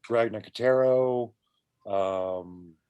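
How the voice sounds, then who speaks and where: A man's voice: on the low side, very slow, warm tone, clean tone, no room sound. A man as a guest in a casual chat, easygoing and swearing freely. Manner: easygoing, profane.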